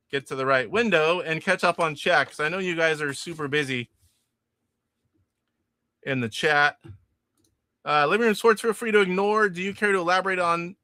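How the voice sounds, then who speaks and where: A man from California with a high, bright voice hosts a live stream and talks through viewer messages in a loose, rambling way. The sound is close and dry. He restarts his sentences often and laughs easily. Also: no room sound. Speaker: livestream host. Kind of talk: casual chat reading viewer comments.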